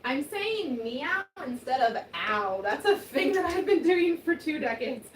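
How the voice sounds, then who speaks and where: A woman's voice: sits high, very animated, measured pace, a little hiss or hum. A woman talking casually in a rambling home vlog from her kitchen, her voice changed by a throat injury, full of fillers and swearing. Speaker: vlogger.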